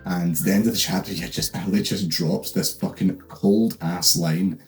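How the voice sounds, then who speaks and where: A man's voice: sits low, steady tone, moderate pace, soft background music. A young Scottish man hosting a comedic book recap, rambling with lots of fillers and swearing. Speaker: host.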